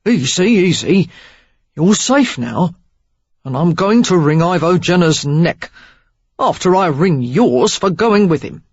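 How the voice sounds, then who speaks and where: A gruff, rakish gentleman, as a woman narrator puts him on, speaking in short, clipped, soothing phrases. The voice is husky and the pitch moves a lot. The sound is muffled and dry. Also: expressive, takes it slowly, dry recording, exaggerated voice. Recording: dull, dry audiobook recording.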